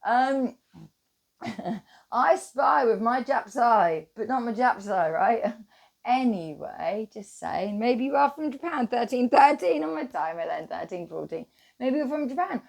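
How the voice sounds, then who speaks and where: A woman's voice: fairly high pitch, lively intonation, unhurried, gravelly. A woman hosting her own channel, talking to viewers in a rambling, wandering monologue and swearing freely. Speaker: channel host.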